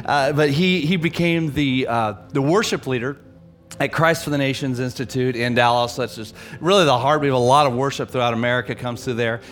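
A man pastoring a church, energetically leading his congregation from the platform before introducing a guest speaker. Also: on the high side. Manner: energetic, rallies the congregation to read aloud.

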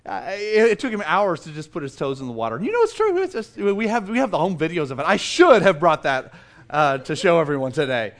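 A middle-aged man preaching a sermon as a pastor, telling stories in an animated, self-mocking way. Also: on the high side, brisk.

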